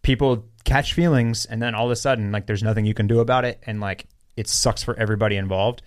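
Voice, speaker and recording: A man co-hosting a casual podcast, talking in an animated way with frequent restarts and fillers. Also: fairly low pitch. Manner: animated, halting restarts, lots of "like". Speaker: podcast co-host.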